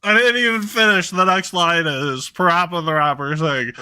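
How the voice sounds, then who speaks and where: A man's voice: on the high side, normal speed, few pauses, sharp tone, clean tone. A man running a tabletop game as game master, joking around and laughing at his own bits. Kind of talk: casual tabletop game narration.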